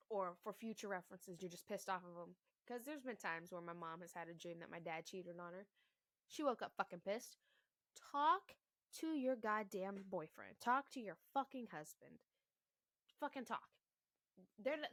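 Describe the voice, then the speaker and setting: A woman's voice: medium pitch, no echo. Blunt, swearing young woman ranting. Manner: swears heavily, loud emphatic bursts, frequent asides. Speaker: mother and vlogger. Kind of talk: blunt, profane relationship rant to camera.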